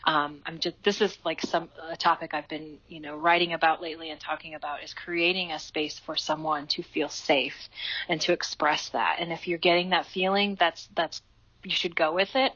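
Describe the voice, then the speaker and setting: A woman's voice: deep voice, steady tone, normal speed, a bit bright, dull audio. A woman guest on a podcast, earnestly sharing heartfelt advice with lots of "you know"s. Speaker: interview guest, life coach. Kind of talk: podcast interview, reflective advice.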